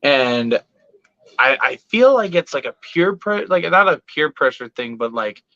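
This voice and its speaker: A man hosting a casual interview, talking in a relaxed, easygoing way about his educational reptile shows. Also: on the high side, unhurried, dry recording, muffled recording. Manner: relaxed, easygoing talker with many fillers. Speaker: podcast host and reptile educator.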